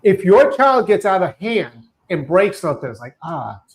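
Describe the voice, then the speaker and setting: A man with a rather high voice co-hosts a loose talk show. He jokes, laughs at his own lines and keeps hammering the same point in playful argument. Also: sing-song, normal speed. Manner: joking, laughing, repeats points insistently. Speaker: co-host. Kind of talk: casual comedic banter.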